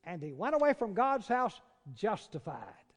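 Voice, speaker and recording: A man with a Southern American accent preaching a sermon, dropping to hushed, drawn-out words and rising to loud, urgent cries. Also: sits high, very animated. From Southern United States. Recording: long reverb of a large hall.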